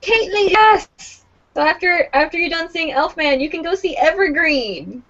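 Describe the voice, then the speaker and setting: Casual podcast co-host, young woman, high voice, rambly and profane, muffled recording. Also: expressive, moderate pace, fairly bright tone. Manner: chatty, stumbling over place names, laughing and swearing. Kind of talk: casual podcast chat reading convention listings. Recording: dull lo-fi podcast audio.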